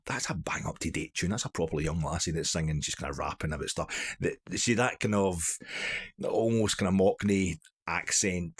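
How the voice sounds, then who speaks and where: A man's voice: low voice, husky. A middle-aged man with a Glaswegian accent, telling a rambling, self-mocking story in a casual monologue. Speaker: vlogger.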